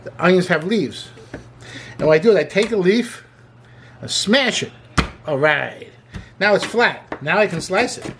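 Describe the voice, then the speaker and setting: A man's voice: sits high, expressive, unhurried, pauses often, fairly bright tone, a little hiss or hum. A man hosting a casual cooking demonstration in a kitchen, chatty and enthusiastic, with joking asides. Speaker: cooking show host.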